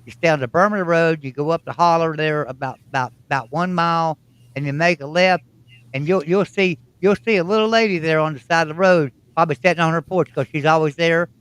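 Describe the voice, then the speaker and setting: A man's voice: fairly high pitch, brisk, fairly bright tone, clean tone. A man with a West Virginia Appalachian accent, hosting a casual chat and telling rambling, folksy stories. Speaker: host.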